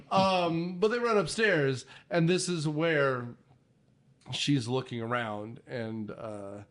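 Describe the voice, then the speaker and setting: Animated casual male podcast host. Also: a little high, takes it slowly. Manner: animated, swearing, jokey asides. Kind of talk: casual movie discussion.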